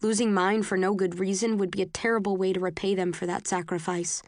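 A woman reading a novel aloud in the first person, earnest and emotional, voicing the heroine's outbursts with sharp rises. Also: medium pitch, little pitch movement, brisk, no room sound, clean studio sound. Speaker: audiobook narrator.

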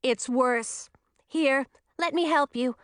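A woman's voice: high voice, takes it slowly, no room sound, clean studio sound, pitched above the performer's own voice. A woman doing a teasing, witty girl.

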